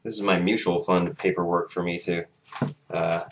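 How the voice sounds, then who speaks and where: Low-voiced young man rambling on a vlog. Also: normal speed, noisy background. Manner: rambling, animated retelling with restarts. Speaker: vlogger. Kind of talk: casual vlog storytelling.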